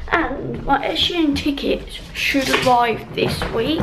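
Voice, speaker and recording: A woman's voice: high-pitched, slow pace, few pauses, noisy background. A woman chatting at home in a casual, rambling vlog, full of ums and restarts. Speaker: vlogger.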